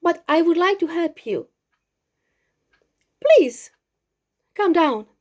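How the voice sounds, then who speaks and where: A woman voicing a small, kind and curious mouse in a spoken storybook, asking questions in a high, bright voice. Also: very animated, takes it slowly, full character voice. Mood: kind, encouraging.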